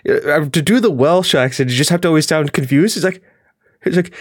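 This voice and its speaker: A man hosting a podcast, chatting in a rambling, animated way and laughing often. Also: on the high side, a little fast, no room sound, clean studio sound. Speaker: podcast host. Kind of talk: casual chat.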